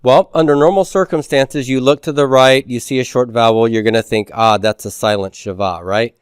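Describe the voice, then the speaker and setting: A man's voice: mid-range voice, fairly even intonation, moderate pace, clear, resonant tone, no room sound, clean studio sound. A man giving a patient grammar lecture who repeats key points and keeps checking that his students follow. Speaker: Hebrew grammar teacher. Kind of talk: classroom lecture.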